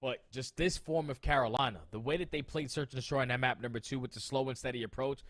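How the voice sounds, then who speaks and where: Dude hyping up an esports match, emphatic and slangy, mid pitch. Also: male voice, quick pace, fairly bright tone. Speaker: esports co-stream caster. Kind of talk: casual esports commentary.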